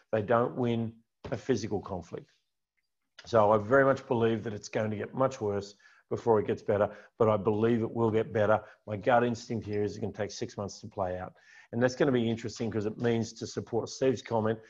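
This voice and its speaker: A man's voice: on the low side, steady tone, fairly quick, darkish tone. Man with dull lo-fi sound. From Australia. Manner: conversational, emphatic, repeats key points. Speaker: financial adviser giving a client update. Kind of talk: presentation with slides.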